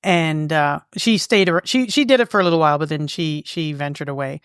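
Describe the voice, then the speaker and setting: A Canadian woman co-hosting a podcast and telling a farm story in loose casual chat. Her voice is smooth and clear, and it is recorded dry and close with little room sound. She rambles along with plenty of ums, uhs and restarts. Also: low-pitched, brisk, no echo. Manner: rambling, lots of fillers and restarts. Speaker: podcast co-host. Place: local museum.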